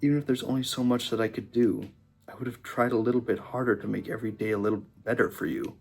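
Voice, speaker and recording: A man playing through a visual novel, quietly reading the hero's lines aloud and breaking off into emotional reactions. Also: mid-range voice, steady tone, fast talker, vocal fry, husky. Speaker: gaming YouTuber. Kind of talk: let's-play reading and reacting.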